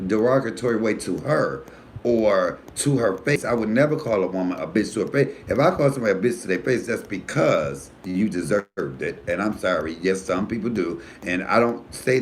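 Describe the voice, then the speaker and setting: A man who is a comedian hosting his own live stream, chatting casually and frankly, with animated storytelling and cussing. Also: moderate pace, slight background noise. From United States. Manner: animated storytelling, voice jumping high for quoted friends; profanity-laced, frank. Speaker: comedian and YouTube host.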